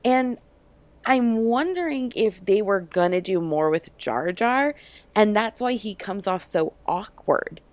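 A young woman co-hosting a podcast in casual chat, animated and full of fillers and quick asides. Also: medium pitch, dry recording. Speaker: podcast co-host.

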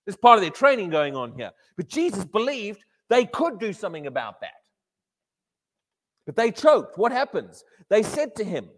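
A man preaching a sermon in an animated way, often repeating his words and acting out quotes. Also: fairly high pitch, moderate pace. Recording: echoey hall reverb.

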